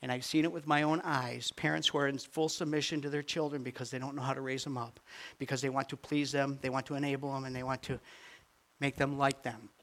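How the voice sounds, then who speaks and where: An older man, a grandfather, preaching a sermon with animated swings from quiet asides to near-shouted peaks. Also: medium pitch, fast. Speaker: pastor.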